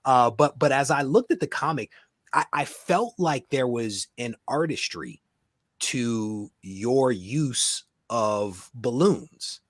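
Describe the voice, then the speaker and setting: A man hosting a relaxed interview over a video call, his pitch swinging widely as he talks. The sound is dry and close, and he repeats words and laughs a lot between questions. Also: takes it slowly, no room sound. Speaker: podcast host. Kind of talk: casual interview chat.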